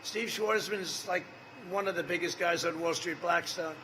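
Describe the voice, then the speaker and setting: A man's voice: high voice, normal speed, sharp tone, a little hiss or hum, poor audio. A man in his seventies giving a campaign rally speech, rambling and repetitive, with off-the-cuff asides to the crowd. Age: 70s. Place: large rally venue.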